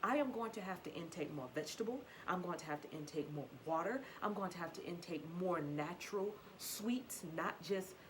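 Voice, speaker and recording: A woman's voice: on the low side, expressive, a little fast, hardly any pauses, a little hiss or hum, rough recording. Earnest woman. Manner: earnest, repetitive and confessional, with rhetorical questions. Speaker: faith vlogger. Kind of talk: candid personal testimony.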